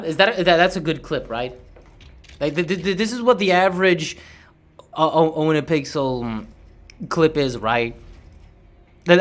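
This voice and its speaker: Laid-back bright-voiced livestreamer, man. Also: a little high. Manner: laid-back, swears, stumbles over words. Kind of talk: casual livestream chat.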